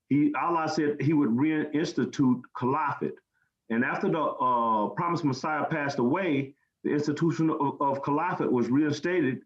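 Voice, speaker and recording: An American man giving earnest, plain-spoken interview answers, often repeating a word while he searches. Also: on the high side. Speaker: guest speaker. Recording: roomy, dull lo-fi sound.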